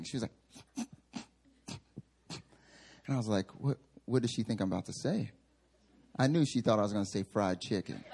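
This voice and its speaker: A man's voice: medium pitch, a little mellow, husky. A male pastor giving a sermon in a church sanctuary, telling humorous, self-mocking stories.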